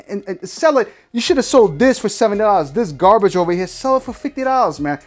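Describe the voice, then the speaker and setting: A man's voice: high voice, very animated, fast, few pauses, soft background music. A man giving a casual, hands-on tech review, slangy and emphatic, often ranting.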